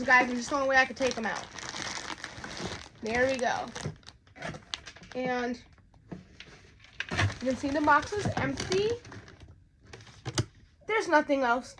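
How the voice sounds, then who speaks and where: A high-pitched woman talks straight to her viewers as she unboxes a doll, circling back and repeating her points. A faint hiss sits under her voice. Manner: chatty, repeats herself, addresses viewers directly. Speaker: vlogger. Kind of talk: unboxing vlog.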